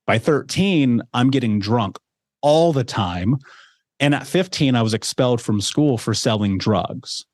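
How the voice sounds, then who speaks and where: A man's voice: mid-range voice, animated, measured pace, a little mellow, dry recording. Candid man, dry close voice. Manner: candid, storytelling, with asides like "right?". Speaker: podcast guest. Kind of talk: telling a personal life story.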